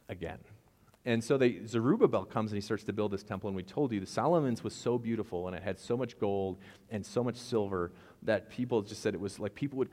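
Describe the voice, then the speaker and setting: Speaking as if in a large hall, where his words carry a long reverb, a man preaches a laid-back sermon. This pastor has a lowish voice and tells his story conversationally, sprinkling in jokes and side comments.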